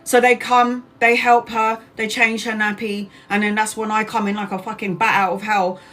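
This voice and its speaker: A woman's voice: medium pitch, moderate pace, soft background music. A woman in her forties, a tarot reader livestreaming, angrily retelling a personal story to her viewers, swearing and acting out what others said. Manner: angry, animated retelling with swearing and acted-out quotes.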